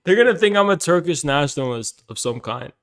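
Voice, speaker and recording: A man's voice: fairly high pitch, expressive, fairly quick, fairly bright tone. A man chatting casually on a stream, swearing a lot and breaking into helpless laughter. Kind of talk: casual live-stream chat.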